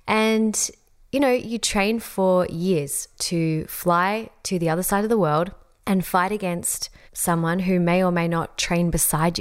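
An Australian woman in her thirties giving an earnest, conversational motivational talk about staying calm. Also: on the low side. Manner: earnest, conversational, acts out panicked voices. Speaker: speaker on calm and leadership.

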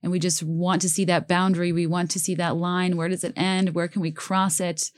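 A woman's voice: lowish voice, level tone, a little fast, no echo, clean studio sound. A young woman talking casually about songs, musing and hesitant with many fillers, reading lyrics aloud. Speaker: music vlogger reacting to songs.

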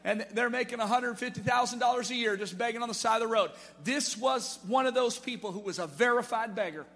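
A man's voice: very high-pitched, fairly quick, a bit bright. A man pastor preaching a sermon in emphatic style, calling out to his congregation in a church sanctuary. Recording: long reverb of a church hall.

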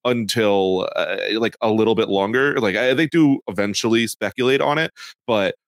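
A man's voice: normal speed, no room sound, studio quality. A man co-hosting a podcast, chatting casually about a reality show and laughing often. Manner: chatty, laughs often, acts out quotes in high voices. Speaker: podcast co-host. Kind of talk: casual recap chat.

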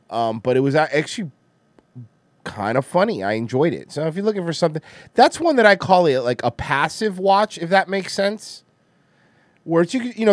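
A man's voice: fairly high pitch, dry recording. A man co-hosting a podcast in casual chat, rambling, swearing freely and laughing often. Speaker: podcast co-host.

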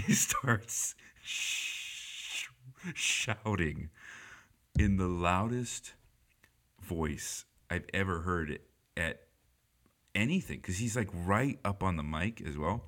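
A man telling a funny story in casual speech, animated and laughing often, with many fillers. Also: low voice, slow pace, pauses often.

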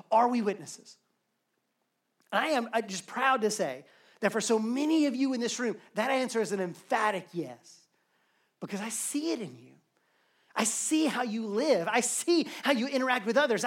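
A man preaching a sermon as pastor to a live congregation, earnest and building his points through repetition. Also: extremely high pitch. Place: church sanctuary, live service.

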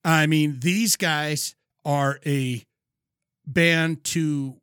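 A man's voice: fairly even intonation, drawn-out words, a bit bright, clear, resonant tone, no echo, studio quality. A man co-hosting a podcast in casual chat, emphatic and swearing freely. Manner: profane, emphatic, pushy pitch. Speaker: podcast co-host.

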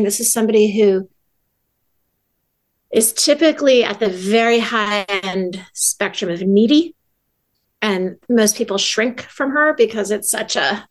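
A woman guest on a podcast, telling a story briskly and matter-of-factly. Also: medium pitch, low-quality recording.

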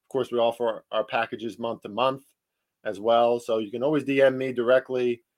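A man's voice: mid-range voice, level tone, a little fast. A man with a New Jersey accent hosting a solo sports betting podcast, talking emphatically with rhetorical questions and fillers.

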